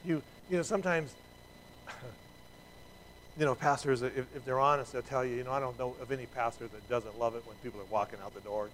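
A man's voice: medium pitch, fairly even intonation, brisk, fairly bright tone, a little hiss or hum, poor audio. A middle-aged man preaching a sermon in a conversational way, with asides and restarts and emphatic peaks. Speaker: pastor.

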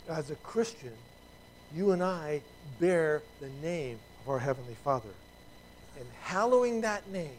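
A man's voice: a little high, a little hiss or hum, rough recording. A middle-aged man preaching a sermon in a conversational way, with asides and restarts and emphatic peaks. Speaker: pastor.

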